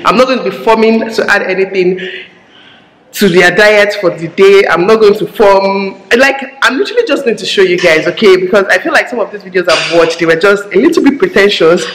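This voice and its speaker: A woman with a Nigerian accent chatting casually to her viewers in a home vlog, talkative and joking. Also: medium pitch. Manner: chatty, joking, talks fast and a lot. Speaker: mom vlogger. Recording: echoey room with faint background noise.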